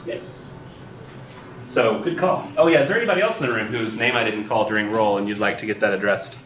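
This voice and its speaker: A man's voice: lowish voice, fairly quick, a bit bright, highs cut off. A man teaching a college English class in a casual, chatty way, with wry sarcastic asides.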